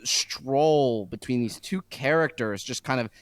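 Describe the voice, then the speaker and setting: A man co-hosts a podcast in a casual chat, rambling through drawn-out stories and laughing as he goes. His voice is mid-range, and the recording has no room sound at all.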